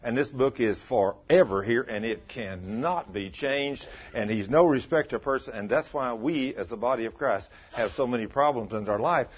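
A man's voice: mid-range voice, normal speed, hardly any pauses, breathy edge. A man preaching a sermon, telling a story with acted-out dialogue and quoting scripture. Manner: animated, acts out dialogue, quotes scripture. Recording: dull lo-fi sound.

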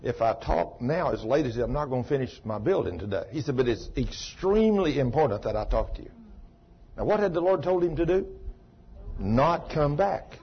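A man preaching a sermon, telling a long story. He swings from ecstatic shouts down to a low, chatty retelling. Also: lively intonation, brisk, husky. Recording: dull lo-fi recording.

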